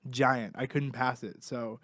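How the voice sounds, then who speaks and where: A young man chats as a podcast guest, candid and easygoing, slipping in jokes. His voice sits mid-pitch for a man and is recorded close and bone dry. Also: a little slow, no room sound. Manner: relaxed, candid, joking. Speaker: podcast guest, comedy studio owner. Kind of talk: casual chat.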